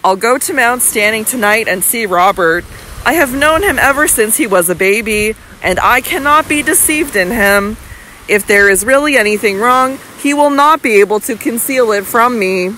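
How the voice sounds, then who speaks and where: A woman voicing an older baronet who speaks gravely and fondly to his wife. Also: fairly high pitch, expressive, normal speed, sharp tone, slight background noise, poor audio. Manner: grave, affectionate, bewildered. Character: older male baronet, kindly, bewildered, fond husband.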